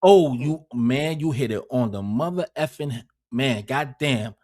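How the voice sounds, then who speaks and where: A man's voice: medium pitch, lively intonation, unhurried, a little mellow. A man hosting a casual livestream, rambling and swearing heavily, often repeating words as he talks. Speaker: livestream host.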